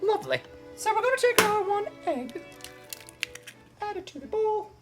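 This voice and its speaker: A woman's voice: very high-pitched, big pitch swings, moderate pace, voice pushed up. A woman voicing a fussy, perky British woman TV cook in a put-on British accent, with twee, silly asides. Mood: chirpy. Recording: background music.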